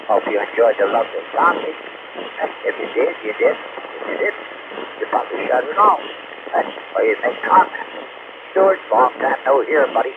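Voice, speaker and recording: Man, ham radio operator, blunt ranting talk, tinny hissy radio audio. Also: mid-range voice. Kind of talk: on-air radio chat.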